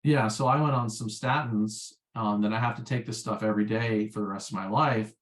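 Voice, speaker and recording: A man's voice: lowish voice, steady tone, brisk. A man, a former sales rep chatting as an interview guest in a rambling, filler-heavy way. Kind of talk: casual interview chat.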